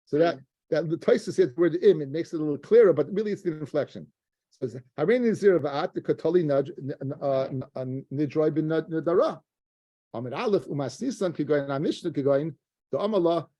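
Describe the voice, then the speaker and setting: A man's voice: fairly high pitch, dark tone, dry recording. A man teaching a Talmud class, reading Aramaic phrases aloud, translating them, and often repeating himself as he works through a passage.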